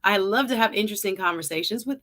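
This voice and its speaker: Bright-voiced woman hosting a livestream. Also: medium pitch, fast talker. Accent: Jamaican. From Jamaica. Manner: chatty, greets viewers by name. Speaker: livestream show host. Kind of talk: casual live-stream intro.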